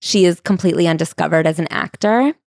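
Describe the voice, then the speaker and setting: Woman co-host, fairly low voice, steady matter-of-fact recap, casual book chat, dry sound. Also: fast, creaky, no echo. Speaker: podcast co-host.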